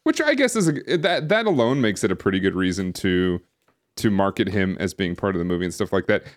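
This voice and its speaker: A man's voice: low-pitched, big pitch swings, brisk. A man co-hosting a casual podcast, rambling with lots of fillers and restarts. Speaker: podcast co-host. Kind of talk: casual chat. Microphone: streaming setup microphone.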